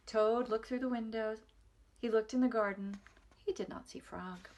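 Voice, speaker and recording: A woman reading a picture book aloud to small children in a gentle, expressive way. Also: a little high, moderate pace. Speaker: nursery school reader. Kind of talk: storybook read-aloud for children.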